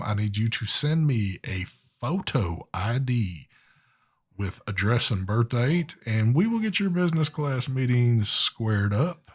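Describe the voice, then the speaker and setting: A man hosting a live online show in casual chat, talking in an easygoing, drawling way with frequent fillers. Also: mid-range voice. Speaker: host of a live vape show.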